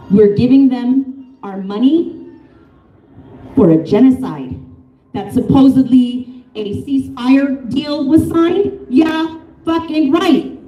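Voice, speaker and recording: A woman's voice: high voice, mellow, slight background noise. A woman from Colorado giving a fiery, profane, off-the-cuff protest speech at an outdoor rally. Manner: fiery, profane, off-the-cuff, laughs between lines. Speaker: rally speaker. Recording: echoey, from a distance.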